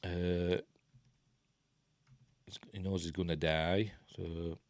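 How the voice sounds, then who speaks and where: Yorkshire bloke, really deep voice, rambling jokey film commentary, dry close sound. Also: male voice, level tone, drawn-out words, no echo. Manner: rambling, chatty, jokey asides. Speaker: film reviewer.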